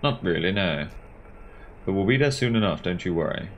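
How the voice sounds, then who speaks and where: A man voicing a polite, steady ship commander who speaks calmly and reassuringly. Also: low voice, moderate pace, highs cut off, slight background noise. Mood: courteous. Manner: calm, courteous, reassuring.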